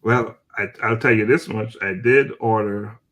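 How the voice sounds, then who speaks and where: A man's voice: lowish voice, steady tone, unhurried, fairly bright tone. A man hosting a talk show in casual chat, enthusiastic and repeating phrases for emphasis.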